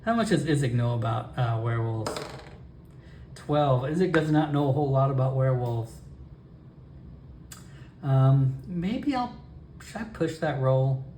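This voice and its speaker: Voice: mid-range voice, expressive, a little slow, pauses often, warm tone, reverberant, a little hiss or hum. Casual solo role-play narrator. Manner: casual, thinking aloud, laughs often. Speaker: solo tabletop game player. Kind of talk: narrating a solo tabletop game.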